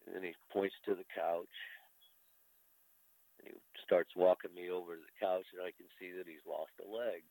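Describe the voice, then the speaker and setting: A man's voice: low voice, steady tone, moderate pace, pauses often, mellow, no room sound, low-quality recording. An older man from the United States, a veteran, telling a personal story in conversation, candid and openly emotional, with casual swearing.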